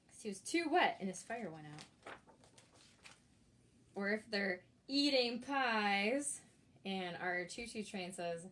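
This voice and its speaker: A woman reading a picture book to children at an online library storytime, with an unhurried pace. Her tone is playful and chatty. She keeps stopping to ask the young listeners what they think. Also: mid-range voice, expressive, fairly bright tone, slight background noise. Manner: chatty, asks the listener questions, slow and playful. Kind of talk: storytime read-aloud for children. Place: library, recorded for an online video.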